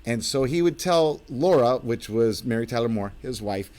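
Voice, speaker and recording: A man's voice: mid-range voice, expressive, normal speed, a little mellow. Rambling, chatty male live-streamer. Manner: rambling, full of fillers and restarts. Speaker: host of his own channel. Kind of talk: live-stream casual chat.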